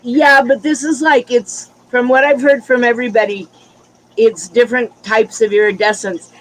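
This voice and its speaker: Man with a high voice, frank casual chatter, exasperated storyteller. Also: steady tone, normal speed, a bit bright, slight background noise, rough recording. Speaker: livestream chat participant. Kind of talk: casual group chat.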